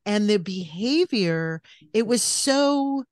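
A woman's voice: a little high, expressive, slow pace, clean tone, dry recording, studio quality. A woman podcast host in casual chat, ranting bluntly and swearing freely.

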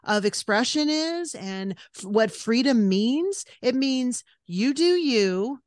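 A woman's voice: on the high side, animated, slow, dry recording, clean studio sound. A woman podcast host in casual chat, ranting bluntly and swearing freely.

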